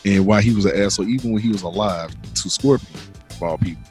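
A man's voice: lowish voice, fast, darkish tone, faint music behind. A man co-hosting a podcast, recapping a video game's story in a loose, profane, joking way. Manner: loose and profane, acting out characters' lines. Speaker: podcast co-host retelling a game's story mode. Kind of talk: casual chat, storytelling recap.

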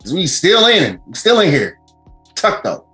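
A man hosting a podcast in casual chat, animated and profane, laughing often. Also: on the high side, a little slow, faint music behind. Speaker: podcast host.

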